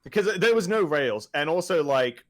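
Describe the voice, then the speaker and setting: A man's voice: fairly high pitch, expressive, normal speed, crowd noise. A young man co-hosting a casual gaming chat, joking around and breaking into mock screams. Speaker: podcast co-host.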